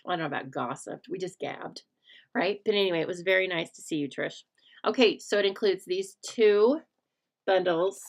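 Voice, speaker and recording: A woman's voice: medium pitch, creaky. A middle-aged woman hosting a live papercraft stream, chatting casually, teasing herself and greeting viewers by name. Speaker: host of a live stamping and papercraft show.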